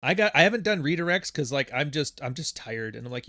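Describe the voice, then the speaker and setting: A man's voice: medium pitch, animated, quick pace, few pauses, sharp tone, no echo, clean studio sound. A man hosting a livestream podcast in casual chat, rambling and joking with plenty of swearing. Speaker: podcast host.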